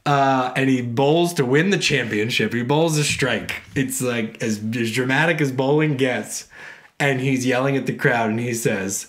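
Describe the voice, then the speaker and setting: A man co-hosting a casual talk show, reading scripture passages aloud and then riffing on them with playful, animated asides. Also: mid-range voice, measured pace. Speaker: podcast co-host reading scripture. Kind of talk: casual chat.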